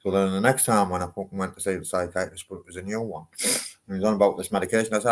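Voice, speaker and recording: A man's voice: sits low, steady tone, very fast. A man, talking in a casual, rambling vlog, swearing freely. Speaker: vlogger.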